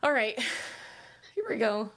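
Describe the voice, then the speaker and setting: A woman's voice: a little high, sing-song, a little slow, fairly bright tone. Woman reading trivia clues on a podcast. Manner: joking, swears casually while reading clues. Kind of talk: casual podcast chat.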